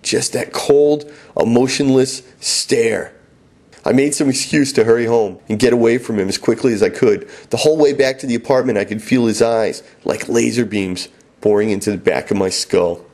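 Husky middle-aged male storyteller, wry and self-mocking. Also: mid-range voice, normal speed, darkish tone. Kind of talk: first-person storytelling.

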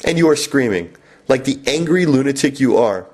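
A stern, rational inner voice that lectures in short, matter-of-fact statements, as a man puts it on. It stays in a middle pitch, close to an everyday speaking voice. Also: lively intonation, moderate pace, a little mellow, slightly rough. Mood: lecturing.

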